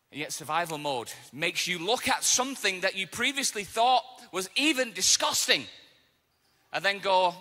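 A man preaching a sermon as pastor, telling stories with casual asides and lively acted quotes. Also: high-pitched, normal speed, big-room sound. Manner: animated storytelling, casual asides. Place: church auditorium.

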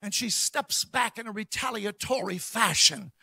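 A man preaching a sermon as a guest preacher, telling stories emphatically with bursts of shouting and quick asides. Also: high voice, gravelly, husky, no echo, clean studio sound.

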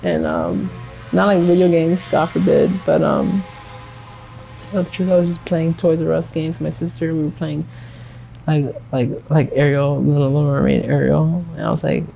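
Gravelly young man, rambling and repetitive. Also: on the high side, flat delivery, moderate pace, mellow, a little hiss or hum, rough recording. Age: 20s. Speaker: interviewee. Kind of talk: street interview. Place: outdoors on a city street.

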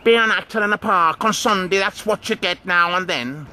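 A man's voice: high voice, moderate pace, bright, forceful tone, a little hiss or hum. A man hosting a casual vlog outdoors in a park, with a theatrical, sing-song delivery. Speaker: vlogger host.

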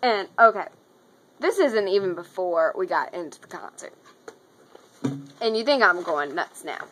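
A teenage girl telling an excited, rambling story in a casual vlog from her room. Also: lowish voice, a little slow, rough recording. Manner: gushing, rambling, says anyways a lot. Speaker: vlogger.

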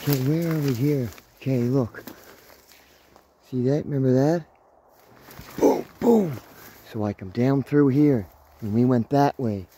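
A man in his thirties vlogging while hiking through the woods, excitable and swearing freely, talking to his dog as he goes. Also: mid-range voice, moderate pace, a little hiss or hum. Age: 30s. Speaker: outdoors vlogger. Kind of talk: casual walking vlog. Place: outdoors in woods.

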